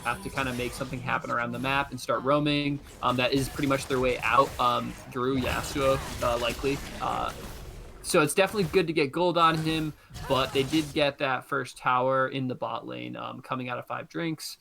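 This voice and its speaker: Gravelly male esports analyst, lots of ums. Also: mid-range voice, fairly even intonation, pushed and bright, soft background music. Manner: measured, many ums and uhs. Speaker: color commentator.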